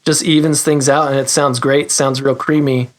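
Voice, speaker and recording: A man's voice: mid-range voice, little pitch movement, moderate pace. Rambling self-deprecating male podcast guest. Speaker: guest, guitar pedal maker. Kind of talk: casual interview chat.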